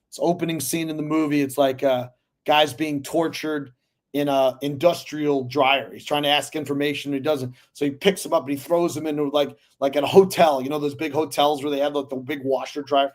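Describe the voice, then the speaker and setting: A man's voice: fairly high pitch, fairly even intonation, fairly quick. Chatty man telling loose showbiz stories. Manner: loose storyteller, lots of fillers and profanity. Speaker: guest actor. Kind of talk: casual interview chat.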